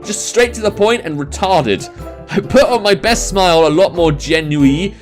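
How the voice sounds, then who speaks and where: A man's voice: a little high, expressive, moderate pace, soft background music. A young man reading a visual novel aloud and joking about its misspellings, stumbling and restarting over garbled words. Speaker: let's-play commentator.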